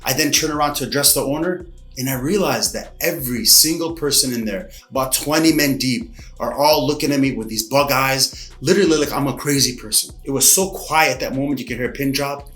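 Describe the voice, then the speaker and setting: Coach recounting a personal tale, mid-pitch man, animated, roomy echo. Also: a little fast. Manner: lively, dramatic retelling with acted-out quotes. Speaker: martial arts coach. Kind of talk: casual storytelling to camera. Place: martial arts academy room. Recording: echoey room, faint music behind.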